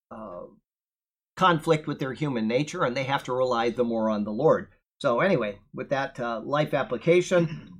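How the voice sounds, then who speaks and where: A man teaching verse by verse through a letter of scripture. He reads the verses with emphasis, then drifts into relaxed, musing asides. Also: medium pitch. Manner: earnest, emphatic when quoting scripture, loose asides. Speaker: Bible teacher. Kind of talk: verse-by-verse Bible commentary.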